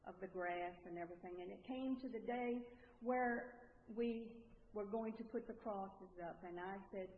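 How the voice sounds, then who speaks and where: A woman playing a devout mother of ten, telling family stories in a homespun, gentle first-person monologue in a church hall. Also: mid-range voice, moderate pace, slight background noise, lightly acted. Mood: earnest. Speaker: church storyteller in costume. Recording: echoey hall on a thin, phone-like line.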